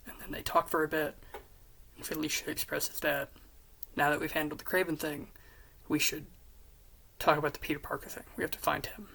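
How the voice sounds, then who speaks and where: A woman casually retelling an episode pitch, rambling with quick asides and swearing, in a whispery, gravelly voice. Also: little pitch movement, a bit bright, poor audio. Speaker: fan pitch presenter.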